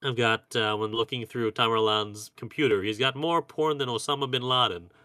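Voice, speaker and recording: Bright-voiced man, dry close sound. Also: medium pitch, clear, resonant tone, no room sound. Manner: relaxed, laughs often, quick reactions. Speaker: podcast co-host. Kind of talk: casual chat.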